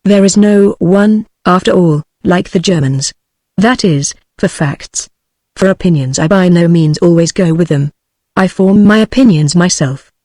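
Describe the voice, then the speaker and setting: Earnest bookish older lady, synthetic British woman reading, measured, dry sound. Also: on the low side, dry recording. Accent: British English. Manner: even, measured synthetic delivery.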